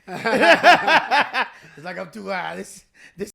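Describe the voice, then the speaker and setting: A man's voice: high voice, takes it slowly, creaky. A man hosting a podcast, telling stories in a casual chat, laughing often and acting out what others said. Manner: animated storyteller, laughs often, acts out quotes. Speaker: podcast host.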